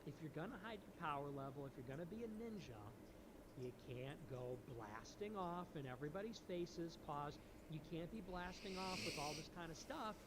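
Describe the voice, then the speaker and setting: A man lectures emphatically with a somewhat high voice, jumping up and down in pitch as he drives each point home. A clear hiss of noise runs under the recording. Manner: emphatic, preachy, repeats "okay?" often. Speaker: political streamer in a played clip. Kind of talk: animated monologue. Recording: noisy clip recording.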